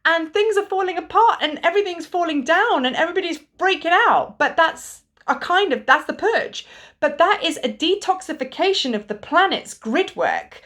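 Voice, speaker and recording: A woman's voice: very high voice, lively intonation, normal speed, fairly bright tone. A woman, a spiritual teacher, talking earnestly and rambling a little, with the odd casual swear. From Britain. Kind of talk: casual spiritual talk to camera.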